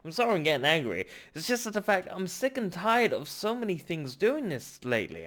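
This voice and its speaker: A man's voice: high voice, fairly quick, hardly any pauses. Ranting young man reacting on camera. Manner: heated, repetitive ranting, then apologetic and calm. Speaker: reaction video host. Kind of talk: casual reaction rant.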